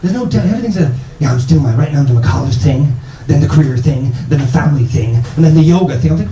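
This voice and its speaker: A man's voice: fairly high pitch, big pitch swings, very fast, few pauses, mellow, roomy sound, rough recording. An Irish man in his thirties doing a rambling, self-interrupting stand-up comedy set in a small bar venue. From Ireland.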